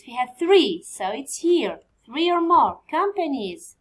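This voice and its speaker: Woman, Algerian accent, high voice, English teacher, patient exam review, slow spelled-out answers. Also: very animated, low-quality recording. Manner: spells and counts out answers slowly for students. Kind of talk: exam review lesson, code-switching with Arabic.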